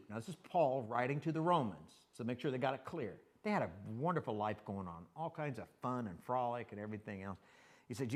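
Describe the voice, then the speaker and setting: An older male pastor preaching in a relaxed, folksy way, often slipping into the voices of people in his anecdotes. His pitch swings widely from phrase to phrase, with a medium-pitched voice for a man. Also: fast. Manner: folksy, animated, quotes people in his stories. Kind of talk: conversational sermon with storytelling.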